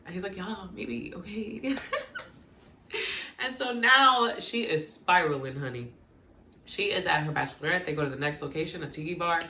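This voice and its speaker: A woman with a low, expressive, sharp-toned voice gives a gossipy, casual recap of a TV episode as a recap vlogger. She chats with lots of "like" and quick laughs, acting out the characters' lines, in an echoey room.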